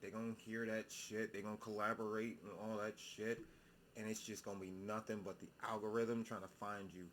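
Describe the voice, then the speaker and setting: A young man hosting a reaction video, talking in a slow, stoned-sounding drawl and rambling bluntly with plenty of swearing. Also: lowish voice, level tone, a little hiss or hum. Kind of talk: casual profane commentary.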